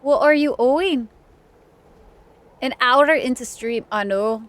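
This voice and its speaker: Bubbly streamer woman, fairly high voice. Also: slow pace. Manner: chatty, bubbly, chats with viewers while playing. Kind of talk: casual let's-play commentary.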